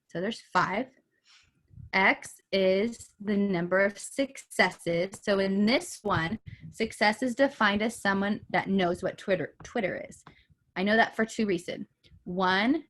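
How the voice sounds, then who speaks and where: A woman's voice: medium pitch, a bit bright. A woman math teacher recording a lesson from her bedroom, casual and thinking aloud with frequent ums.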